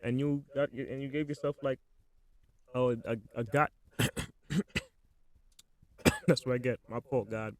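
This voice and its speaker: A man's voice: medium pitch, steady tone, measured pace, long pauses, a little mellow, dry recording. A man hosting a casual solo podcast, talking in slangy, joking, playful bursts as he spins an improvised spooky story into his microphone. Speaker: podcast host.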